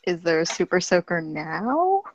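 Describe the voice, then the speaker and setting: A woman playing a tabletop game, speaking in a quick, questioning way. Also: fairly low pitch, big pitch swings, no echo, highs cut off. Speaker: player.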